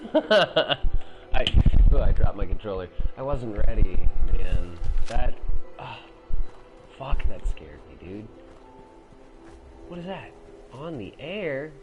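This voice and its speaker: A man's voice: medium pitch, animated, takes it slowly, long pauses, music in the background. A young man giving casual gameplay commentary as he plays, swearing a lot and shrieking when he is startled. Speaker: gaming video host.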